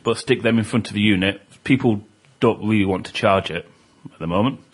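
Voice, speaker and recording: A British man with a fairly low voice talks through wargame tactics on a podcast. He explains at length in a relaxed way, with frequent fillers. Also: brisk, slightly rough. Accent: British English. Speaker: podcast co-host. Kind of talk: casual tabletop gaming chat.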